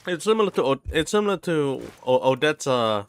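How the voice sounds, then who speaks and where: A man's voice: fairly high pitch, big pitch swings, a little fast, clean tone. A young man chatting casually while streaming a game, often restarting his sentences and sounding out names syllable by syllable. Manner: rambling, many restarts, sounding out words.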